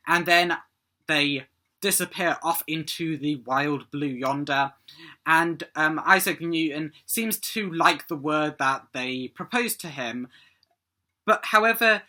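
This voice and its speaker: A man's voice: on the high side, pushed and bright. A man hosting a casual episode breakdown video, talking hesitantly with frequent ums. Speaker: fan video host.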